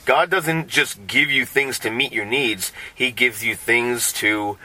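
A man co-hosting a casual Christian podcast, animated and jokey, laughing often. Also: medium pitch, slow pace. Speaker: podcast co-host.

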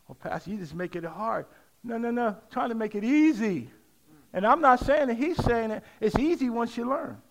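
A middle-aged man preaching a sermon, leading call-and-response and rising to shouts. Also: extremely high pitch, creaky. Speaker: pastor.

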